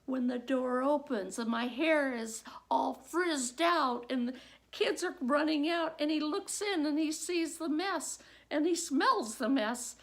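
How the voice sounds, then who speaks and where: A middle-aged woman, a former teacher, recounts a personal story in a slow, gravelly voice pitched a little high. She builds her telling vividly, letting it swell into loud, animated bursts. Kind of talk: told personal story at a contest.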